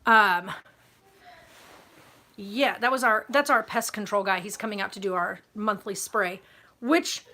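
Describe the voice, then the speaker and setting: A woman's voice: mid-range voice, a little slow, long pauses, bright, forceful tone. A woman chatting casually in a home vlog, rambling with fillers and cooing baby talk at her puppy. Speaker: homesteading vlogger.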